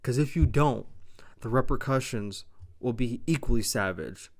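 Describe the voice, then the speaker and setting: A man's voice: mid-range voice, normal speed, lightly acted. A man imitating a stern, no-nonsense male general manager who issues firm warnings.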